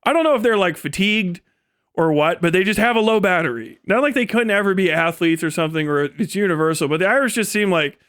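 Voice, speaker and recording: A male live streamer talks casually, swearing freely and wandering from point to point. His voice sits high for a man, and the sound is dry and close with no room echo. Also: lively intonation, quick pace, fairly bright tone, clean tone. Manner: profane, rambling, laughs often.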